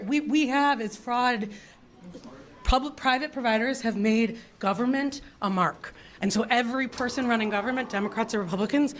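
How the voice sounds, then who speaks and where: Measured woman legislator answering questions. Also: on the high side. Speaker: state representative. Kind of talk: defensive on-camera answers.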